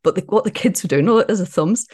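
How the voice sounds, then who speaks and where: A woman's voice: mid-range voice, lively intonation, a little fast, darkish tone, slightly rough. A woman co-hosting a podcast, telling stories in casual chat and often laughing. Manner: chatty storytelling, laughs often. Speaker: podcast co-host.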